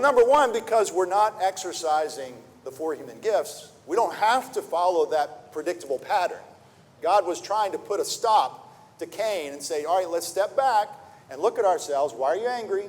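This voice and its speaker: This preacher has a high, darkish-toned voice and fills his earnest sermon with rhetorical questions, often repeating words as he begins a thought again. He's in a church sanctuary, with a long hall reverb on the recording.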